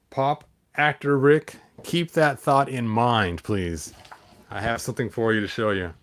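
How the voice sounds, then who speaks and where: A man's voice: medium pitch, measured pace, a bit bright. A man reading a children's storybook aloud and breaking off for rambling, self-mocking asides and viewer comments. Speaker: storybook reader and streamer. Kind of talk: casual read-aloud with chatty asides.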